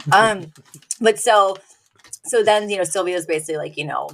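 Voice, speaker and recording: A woman's voice: mid-range voice, big pitch swings, unhurried, vocal fry, pauses often. Chatty laughing woman podcast host. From Washington, D.C. area. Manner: chatty, laughs often, acts out quotes. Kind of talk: casual recap chat.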